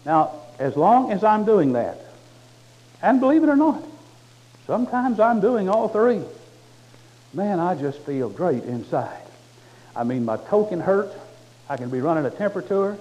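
Man preaching, folksy and joking, fairly high voice, muffled lo-fi sound. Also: very animated, unhurried, pauses often, mellow. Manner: folksy, conversational preaching with humor. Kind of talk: sermon. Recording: muffled lo-fi recording.

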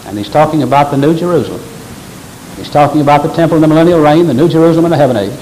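A man's voice: on the high side, fast talker, darkish tone, a little hiss or hum, poor audio. A man preaching a sermon, explaining scripture with emphatic stress and quoting verses aloud.

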